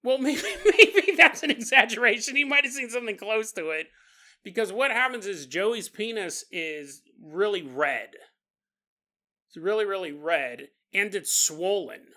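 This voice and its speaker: A man's voice: high-pitched, lively intonation, measured pace, sharp tone. A man hosting a podcast, telling a story in a comedic monologue, joking crudely and laughing often. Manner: crude humor. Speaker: podcast host.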